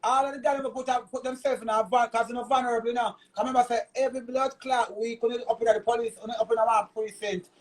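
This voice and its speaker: A man's voice: very high-pitched, fairly even intonation, fast, hardly any pauses, low-quality recording. A man with a Jamaican accent delivering a heated, cursing, repetitive rant in a vlog. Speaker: vlogger.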